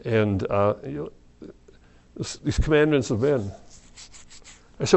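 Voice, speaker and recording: A middle-aged man preaching an evening Bible study, talking in a halting, conversational way with restarts and soft laughs. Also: medium pitch, gravelly. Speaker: pastor.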